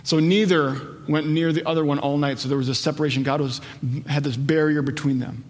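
Man preaching in a reverberant hall. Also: steady tone. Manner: builds in pitch and loudness when stressing a point, slows for scripture. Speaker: pastor. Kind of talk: sermon.

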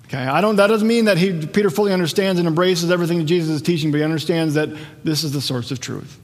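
A man's voice: a little high, quick pace, big-room sound. A man preaching a conversational, earnest sermon as a pastor, often restarting and rephrasing his thoughts.

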